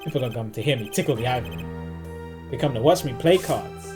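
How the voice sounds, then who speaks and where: A man's voice: medium pitch, animated, fast talker, music in the background, close to an everyday voice. A man reading the lines of a dry, wry male defense attorney from a video game, narrating in an understated way. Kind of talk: reading game dialogue aloud.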